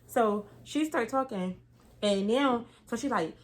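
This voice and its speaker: Young woman vlogger, animated storytime delivery, talks right to the camera. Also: on the high side, takes it slowly. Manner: animated, slangy, talks straight to viewers. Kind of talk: casual storytime.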